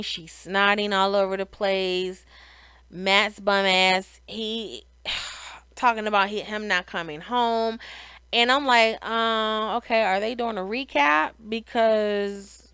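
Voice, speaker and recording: A middle-aged woman talks through a reality show episode in a slow, easygoing way, full of sighs, asides and restarts. Her voice is smooth and clear. It is recorded close and dry, with no room echo. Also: mid-range voice, fairly bright tone. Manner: chatty, opinionated, frequent sighs and restarts. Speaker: reality show recap host. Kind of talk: casual recap commentary.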